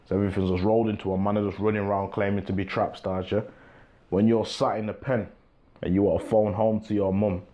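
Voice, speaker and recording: Guy hosting his own show, low mellow voice, keeps saying you get me. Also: flat delivery, fast talker. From England. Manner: laid-back, repeats "you get me" often. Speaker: talk show host. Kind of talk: casual monologue to camera.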